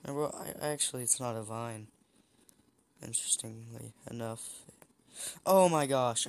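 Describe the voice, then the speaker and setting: A young man talks through his game in a loose, chatty way, teasing rivals and tripping over his own words. His voice sits at an ordinary pitch for a man. A faint noise runs under the recording. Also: creaky. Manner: chatty, teasing opponents, frequent restarts. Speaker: gameplay streamer. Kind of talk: casual gameplay commentary.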